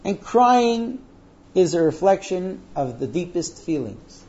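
A man teaches a religious lesson, weaving in animated stories with frequent fillers. His voice is high yet mellow. The recording is dull and lo-fi. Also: slow pace. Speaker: Torah teacher.

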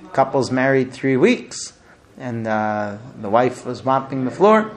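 A man giving a lecture on marriage advice, telling stories in an animated way with many fillers and restarts. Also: mid-range voice, slight background noise. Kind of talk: lecture with anecdotes.

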